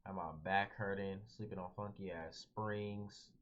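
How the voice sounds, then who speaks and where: Young male vlogger, lower register, animated slangy storyteller, muffled lo-fi mic. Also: unhurried, a little hiss or hum. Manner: animated, slangy, peppered with "bro". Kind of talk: casual storytime. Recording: dull lo-fi audio.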